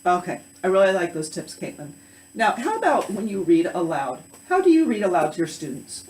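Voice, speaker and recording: A woman teacher chatting about reading aloud in a lively, conversational way. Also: lowish voice, a little fast, recorded from a distance, a little hiss or hum, rough recording. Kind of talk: instructional chat.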